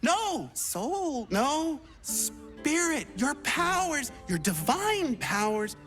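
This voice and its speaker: Goofy game adventurer, high and bouncy, slow and drawn out, faint music behind. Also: female voice, big pitch swings, fairly bright tone, heavily acted. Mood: playful. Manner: playful, theatrical, teasing. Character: bubbly, silly young female adventurer trying out every class. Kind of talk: video game voice acting.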